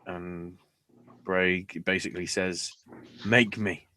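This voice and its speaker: A man's voice: deep voice, fairly even intonation, slow, bright, forceful tone, slight background noise. A man hosting a podcast, giving a rambling, sarcastic play-by-play recap with casual swearing. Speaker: podcast host.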